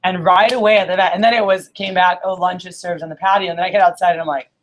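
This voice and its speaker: A woman's voice: fairly low pitch, fairly even intonation, racing. A woman telling a story to a group in a casual, chatty way. She fills her speech with "like" and keeps checking in with "right?". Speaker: speaker at a group meeting.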